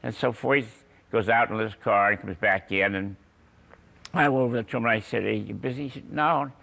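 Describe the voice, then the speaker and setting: Gravelly older guy spinning racing yarns, bright edgy tone, uhs all over. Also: lowish voice, moderate pace. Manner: anecdotal, chuckling, hesitant with uhs. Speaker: guest. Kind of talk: storytelling interview.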